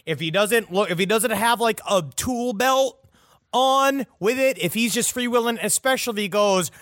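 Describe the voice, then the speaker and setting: Podcast co-host, male, high pitch, playful deadpan bits. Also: normal speed, no room sound, clean studio sound. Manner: joking, mock-serious riffing. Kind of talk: casual comedic chat.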